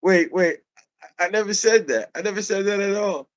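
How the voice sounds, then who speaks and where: A man's voice: fairly quick, natural voice. A man voicing a timid American customer who stammers nervously in a raised voice. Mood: flustered. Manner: nervous, stammering, high-pitched.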